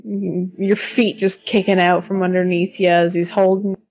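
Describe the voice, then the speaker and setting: A woman's voice: lowish voice, little pitch movement, moderate pace, darkish tone, muffled recording. A woman running a tabletop game as game master, narrating scenes vividly.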